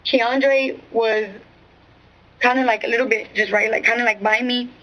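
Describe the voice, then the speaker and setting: A woman with a somewhat high voice tells her account to an interviewer. She rambles, curses freely and keeps restarting her sentences with filler phrases. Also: fairly even intonation, normal speed, a bit bright, low-quality recording. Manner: rambling, profane, full of restarts and "you know what I'm saying". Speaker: witness being questioned.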